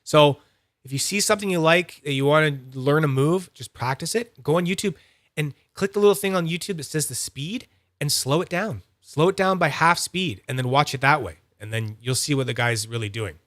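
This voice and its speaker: A man hosting a fidget toy channel, chatting casually and excitably, rambling, teasing himself and greeting viewers by name. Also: medium pitch, no room sound, clean studio sound. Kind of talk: casual rambling livestream-style review.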